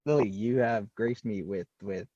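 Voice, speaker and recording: A man from Toronto hosting a casual podcast interview, relaxed and jokey, recorded on a dull, dry lo-fi mic. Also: fairly low pitch, a little slow, slight background noise. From Toronto, Canada. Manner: relaxed, jokey, affirming with "mm-hmm". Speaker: podcast host.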